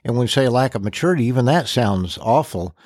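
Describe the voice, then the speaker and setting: An older man, a minister, answering as a podcast guest in a measured, thoughtful way with pauses and fillers. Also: medium pitch, expressive, a little mellow, dry recording, clean studio sound. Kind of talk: casual podcast interview.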